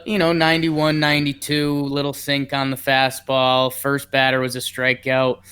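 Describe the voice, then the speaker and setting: A man co-hosting a casual baseball podcast, reading the lineup and telling stories in a joking, animated way. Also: mid-range voice, normal speed, few pauses, smooth. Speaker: co-host. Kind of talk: casual sports podcast chat.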